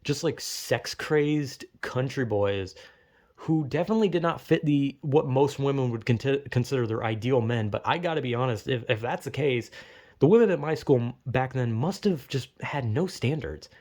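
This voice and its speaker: A man's voice: mid-range voice, moderate pace, a little mellow. A young man telling a rambling, profane, self-mocking comedic story.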